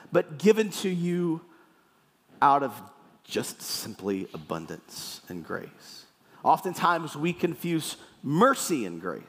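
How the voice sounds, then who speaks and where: A man preaching a sermon with playful, animated storytelling in a church hall. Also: mid-range voice. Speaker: pastor. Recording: echoey hall.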